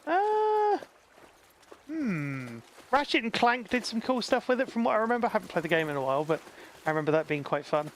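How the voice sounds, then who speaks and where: A man hosts a game stream, coaching a blind player and chatting with viewers, reading out chat and laughing often in an encouraging way. His voice is high-pitched and very animated, and he talks a little fast. Faint background noise is audible.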